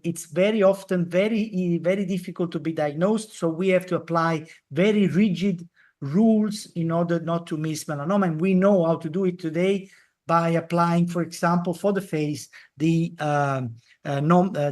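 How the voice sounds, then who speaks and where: Lecturer on a video call, mid-pitched, plenty of hesitations, checks in with "eh?" and "okay?". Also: a little mellow. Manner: halting, many fillers, tag questions like "eh?". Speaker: dermatology lecturer. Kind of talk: live online lecture.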